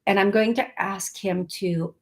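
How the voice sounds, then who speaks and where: A woman hosting a live psychic reading, speaking in a halting way, repeating words and thinking aloud, soft-spoken and emotional. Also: medium pitch, fairly even intonation. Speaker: psychic medium host.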